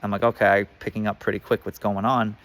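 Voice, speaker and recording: Casual low-voiced man spinning a story. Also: little pitch movement, quick pace. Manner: rambling, filler-heavy, swears freely. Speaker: tattoo artist telling a personal story.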